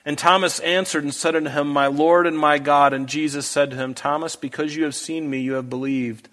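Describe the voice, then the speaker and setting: A man's voice: a little high, steady tone, brisk, fairly bright tone. A man preaching a sermon to a congregation, earnest and emphatic, pressing his listeners with pleading questions. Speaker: pastor. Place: church hall with a congregation.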